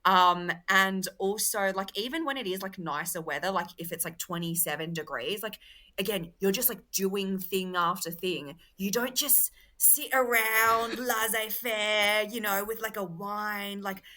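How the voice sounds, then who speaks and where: A woman's voice: medium pitch, moderate pace, sharp tone. A woman with an Australian accent, a comedian chatting casually as a guest and peppering her speech with "like", recorded outdoors on a lawn. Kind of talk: casual chat.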